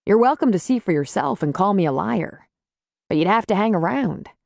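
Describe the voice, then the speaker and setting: A woman voicing a calm, plain-spoken man who runs a small-town bar, in an audiobook. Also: medium pitch, moderate pace, creaky, no room sound, clean studio sound. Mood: steady. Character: Jack, male small-town bar owner, calm and steady.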